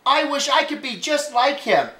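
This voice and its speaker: A woman voicing an eager young boy who wants to be a hero, in an earnest, excited manner, in an echoey room. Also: sits high, moderate pace, voice pushed up. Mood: admiring.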